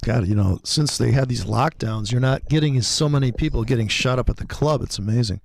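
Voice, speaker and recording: A man's voice: mid-range voice, a little fast, gravelly, no room sound. A man hosting a casual livestream, rambling and profane as he calls the markets. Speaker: host, forex trader.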